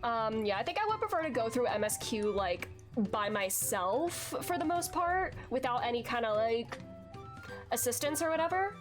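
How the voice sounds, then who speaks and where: A woman streaming a video game, chatting away while under the weather and sparing her voice. She rambles casually in a fairly high voice, with faint game music behind her. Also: expressive, moderate pace. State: sick, saving her voice. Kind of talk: casual gaming commentary.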